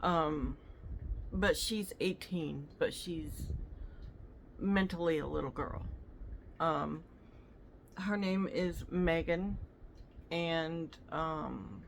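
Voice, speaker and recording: A woman's voice: low voice, extremely slow, gravelly, long pauses, slight background noise. Chatty woman vlogging. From United States. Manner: chatty, rambling. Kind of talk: casual storytelling vlog. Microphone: phone.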